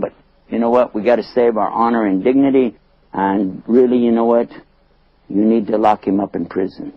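Man doing scheming noblewoman, pleading, low, gravelly, dull sound. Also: no echo. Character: scheming noblewoman, jealous and worried. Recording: dull lo-fi recording.

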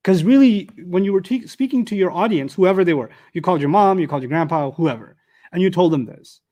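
A man's voice: sits high, animated, fast talker, warm tone. A man teaching a live class, explaining step by step and asking the room rhetorical questions, with joking asides.

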